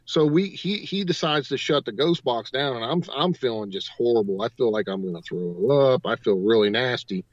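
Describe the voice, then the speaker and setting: A man's voice: medium pitch, animated, moderate pace, hardly any pauses, dry recording. A man, a paranormal investigator, telling a long story as a guest on a talk radio show, rambling on from one "and" to the next. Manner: rambling storyteller, strings clauses with "and". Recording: dull, dry lo-fi audio.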